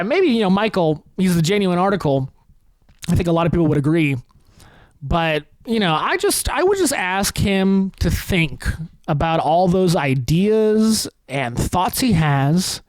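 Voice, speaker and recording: A man's voice: sits high, dry recording. A man hosting a comedy podcast, delivering a sarcastic, profane rant. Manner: ranting, sarcastic, heavily profane.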